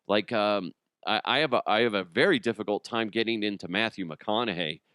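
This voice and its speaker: A man hosts a comedy podcast in a loose, rambling monologue, cracking jokes as he goes. His voice is smooth and clear, recorded close and dry with no room sound. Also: lowish voice, a little fast, sharp tone, dry recording. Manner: rambling, jokey, slips into impressions. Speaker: podcast host.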